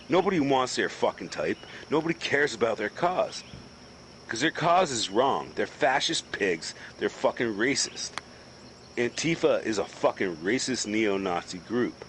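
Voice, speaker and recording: A man's voice: mid-range voice, big pitch swings, normal speed, fairly bright tone, slight background noise, rough recording. Profane, ranting man from the East Coast. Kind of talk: casual chat while gaming.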